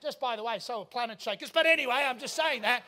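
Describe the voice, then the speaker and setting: A man preaching a sermon in a large church auditorium, emphatic and rising to shouts. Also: very high-pitched, fast. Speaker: pastor.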